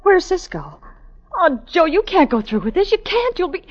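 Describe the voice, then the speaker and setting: A woman's voice: high voice, expressive, moderate pace. An actress playing a frightened young frontier woman who pleads breathlessly, in 1940s radio acting. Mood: pleading. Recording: dull lo-fi old radio recording.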